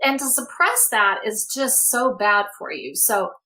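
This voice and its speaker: Bright, emphatic woman coach. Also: on the high side, lively intonation, measured pace. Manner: earnest, advocating, emphatic. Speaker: guest, emotional coach. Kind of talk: podcast conversation.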